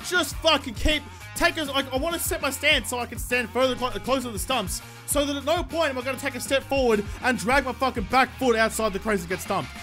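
A man commentating his own gameplay, swearing and ranting excitably at the game. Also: very high-pitched, fast talker, hardly any pauses, faint music behind. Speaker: gaming YouTuber.

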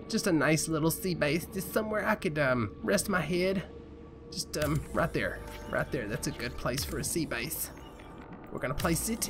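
A high-voiced man chatting loosely through his gameplay, his pitch leaping up and down as he jokes about himself. He talks to the audience like friends, rambling and self-deprecating. Faint game music plays beneath his voice. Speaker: gaming YouTuber. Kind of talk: casual gameplay commentary.

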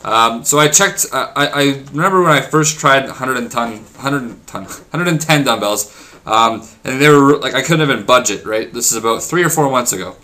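A man's voice: mid-range voice, animated, sharp tone. A young man rambling and swearing as he chats casually over his gameplay. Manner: rambling, crude and profane, swears often; says he is talking fast because he is hungry. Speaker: gaming vlogger.

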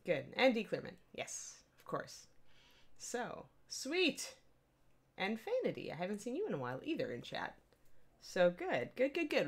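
A middle-aged woman hosting a casual live-stream painting tutorial, chatty and upbeat, greeting viewers by name. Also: on the low side. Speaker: miniature painting instructor, stream host.

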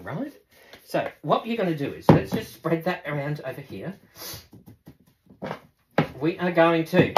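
Chatty woman with lively pitch. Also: heavy background noise. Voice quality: breaks into playful sing-song. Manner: chatty, laughs often, talks to viewers. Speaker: cooking demonstrator. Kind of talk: casual cooking demonstration.

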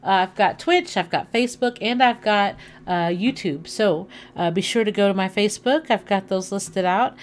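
A woman's voice: medium pitch, moderate pace, few pauses, a little hiss or hum. Chatty woman streaming a video game. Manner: chatty, animated, thinking aloud while playing. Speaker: livestreamer. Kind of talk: casual gaming livestream chat. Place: home living room.

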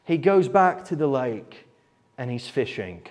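A man preaching a sermon, earnest, reading scripture aloud dramatically and swinging between loud emphasis and quiet low points. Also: big pitch swings, measured pace.

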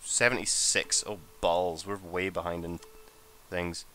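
A young man giving casual, profane, joking commentary as he plays a strategy game, excitable and jumping into high-pitched outbursts. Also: unhurried. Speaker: gamer and channel host.

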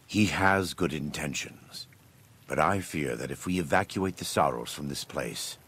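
An actor playing a stern, scripture-quoting warrior preacher in a video game, speaking slowly and solemnly with a gravelly, husky voice. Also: male voice, rumbling low, fairly bright tone, full character voice. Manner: slow, measured, solemn delivery.

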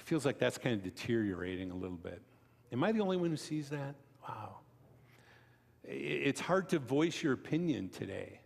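A man's voice: very animated, moderate pace, vocal fry. A man giving a conversational sermon, telling stories with asides to the congregation and acting out quoted voices. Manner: storytelling, chatty asides to the congregation; acts out quoted voices with sharp pitch jumps. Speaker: preacher. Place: church sanctuary. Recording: long reverb of a church hall.

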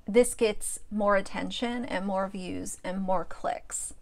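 A woman's voice: medium pitch, slow, few pauses. A woman giving blunt, indignant commentary on a video clip. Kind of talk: reaction commentary.

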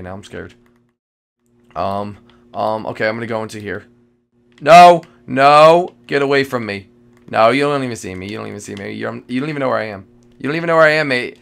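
A man giving live commentary while playing a multiplayer game, jittery and excitable, repeating phrases and breaking into sudden loud outbursts. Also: fairly low pitch, quick pace, gravelly. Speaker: gamer playing a multiplayer survival match.

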